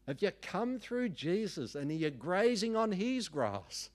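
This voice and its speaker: A middle-aged man, preaching a sermon in an emphatic, animated way with folksy asides. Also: high-pitched, measured pace. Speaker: pastor.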